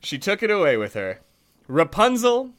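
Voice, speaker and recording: A man's voice: high-pitched, moderate pace. A man co-hosting a podcast, reading a fairy tale aloud and joking between passages with frequent laughs. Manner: animated, laughs often.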